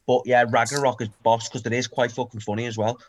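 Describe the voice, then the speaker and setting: A young man, co-hosting a casual podcast chat and telling stories with sweary, excited energy. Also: medium pitch, fast, highs cut off, slight background noise. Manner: animated, sweary, excitable storytelling. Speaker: podcast co-host.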